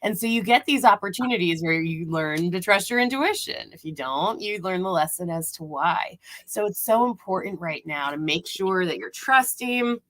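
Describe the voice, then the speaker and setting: A woman's voice: lowish voice, animated, normal speed, few pauses, fairly bright tone. A woman hosting a live spiritual reading stream, telling stories candidly, laughing and swearing freely. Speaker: host and intuitive reader.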